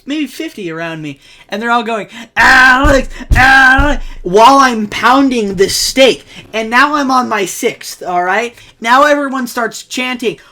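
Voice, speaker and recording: A man's voice: very high voice, bright, forceful tone. A teenage boy telling a story casually in a rambling way, often breaking into laughter. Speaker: vlogger.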